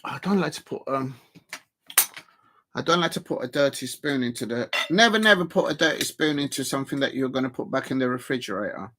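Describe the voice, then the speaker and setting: A man's voice: mid-range voice, animated, a little fast, sharp tone. Rambling man chatting during a football stream. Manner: rambling, many fillers and restarts; chats to viewers while eating. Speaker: football watch-along streamer. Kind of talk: casual live-stream chat.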